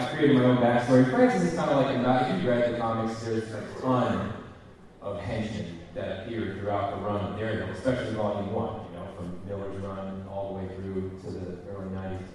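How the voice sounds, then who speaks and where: Easygoing guy with a lowish voice, big echoey room, kinda distant. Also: darkish tone. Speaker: panel guest actor. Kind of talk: casual convention panel talk. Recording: echoey hall, mic from far off.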